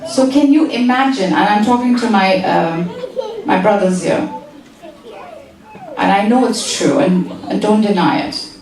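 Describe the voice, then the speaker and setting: A woman's voice: medium pitch, unhurried, long pauses, recorded from a distance, crowd noise. A woman giving a humorous lecture to an audience in a large hall, teasing the listeners and repeating phrases for emphasis. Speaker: speaker at a community talk.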